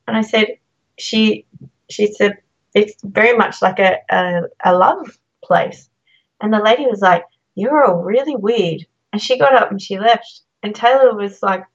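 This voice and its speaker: A woman's voice: mid-range voice, vocal fry, dull audio. An Australian woman telling a story in a casual podcast chat, acting out the voices of the people she quotes. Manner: chatty, anecdotal, acts out quoted voices. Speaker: guest, branding designer.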